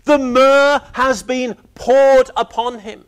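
A man with a very high-pitched voice delivers a sermon with animated storytelling. He drops low for quiet moments and acts out characters' reactions. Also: a little slow. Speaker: preacher.

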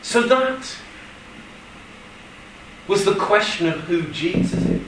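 High-voiced pastor preaching in an echoey hall. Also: male voice, takes it slowly, a little hiss or hum. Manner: animated storytelling with quoted voices. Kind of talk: sermon. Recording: echoey room from a distance.

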